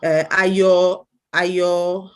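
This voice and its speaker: A woman's voice: lowish voice, flat delivery, extremely slow, clear, resonant tone. A woman co-hosting an online discussion who speaks earnestly and urges the listeners to act. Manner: earnest, urging, with many listening hums. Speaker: co-host.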